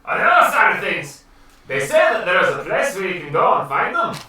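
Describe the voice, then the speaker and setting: Animated game master in an echoey room. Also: mid-range voice, brisk. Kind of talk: narrating a tabletop game with NPC voices. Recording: echoey room, far from the mic.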